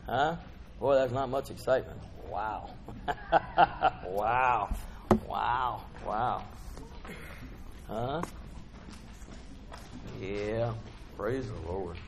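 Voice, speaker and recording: A middle-aged man preaching a sermon in church, chatty with the congregation and breaking into bursts of excitement. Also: on the low side, very slow, long pauses, background noise.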